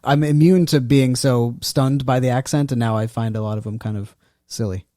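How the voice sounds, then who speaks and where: A man's voice: medium pitch, steady tone, normal speed, warm tone, dry recording, clean studio sound. A man co-hosting a podcast in casual chat, joking and opinionated, often trailing off mid-sentence. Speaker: podcast co-host.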